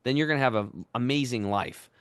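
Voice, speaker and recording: A man in his fifties, a podcast guest, telling his story in an energetic, animated way. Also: mid-range voice, brisk, clean tone, no echo. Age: 50s. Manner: energetic, animated, acts out quoted voices. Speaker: podcast guest, health entrepreneur. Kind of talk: casual storytelling interview.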